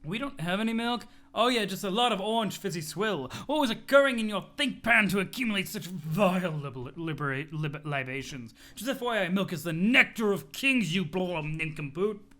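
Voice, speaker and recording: A man's voice: sits high, expressive, moderate pace, a bit bright. A man voicing a pushy young man obsessed with showing off his muscles, bellowing orders and biting off his own curse words. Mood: giddy.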